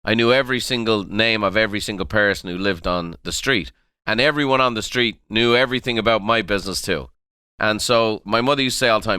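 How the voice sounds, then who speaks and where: A man's voice: on the low side, fairly quick, sharp tone, clear, resonant tone, no room sound, studio quality. Emphatic man coaching listeners. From Ireland. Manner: emphatic, repeats key phrases, coaching tone. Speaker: podcast host and motivational speaker. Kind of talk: motivational monologue.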